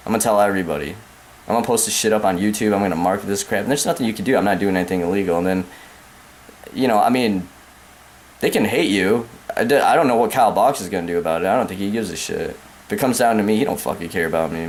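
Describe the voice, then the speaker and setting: Young American man, vlog rant, profane, repetitive, lowish voice, faint background hum. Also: quick pace. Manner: profane, repetitive, calling the listener man and dude. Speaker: vlogger. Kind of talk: angry rant to camera.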